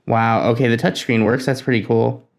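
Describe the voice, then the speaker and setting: A man hosting a casual hands-on build vlog, talking to himself while he works, nervous and excitable. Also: mid-range voice, normal speed, gravelly. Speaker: tech hobbyist host.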